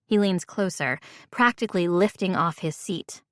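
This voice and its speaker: A woman narrating a first-person audiobook in a wry, measured way. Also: fairly low pitch, sing-song, no echo, clean studio sound.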